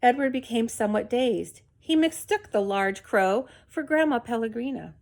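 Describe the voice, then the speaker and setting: A woman reading a children's novel aloud in a measured, expressive storytelling manner. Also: on the high side, vocal fry. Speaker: reader.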